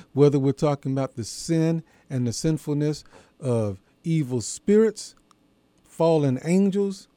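Slow, mellow-voiced man preaching on radio. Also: medium pitch, no echo. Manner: measured, emphatic preaching with deliberate pauses. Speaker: radio show host and preacher. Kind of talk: radio sermon.

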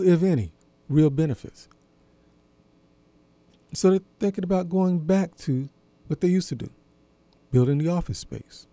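Mellow-voiced man musing aloud to listeners. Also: on the high side, no echo. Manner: folksy, deliberate, poses questions to listeners. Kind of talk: reflective monologue.

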